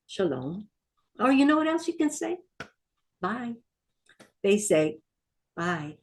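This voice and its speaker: With a warm tone and a lowish voice, a woman gives a beginner lesson in Hebrew. She says each word patiently and repeatedly, letting learners repeat after her.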